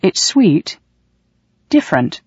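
A woman reader voicing a flat, unimpressed man, in a dull, dry audiobook recording. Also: fairly high pitch, slow pace, slightly rough, no echo, heavily acted. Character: dismissive plain-tasting man.

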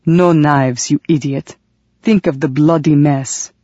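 A cold, ruthless woman barks curt orders to her thugs in a slow, husky, darkly mellow voice, as a man narrating the book puts her on. Every command lands with chilling calm. The recording is dry and slightly muffled. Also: a little high, dry recording. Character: cold ruthless woman leading hired killers.

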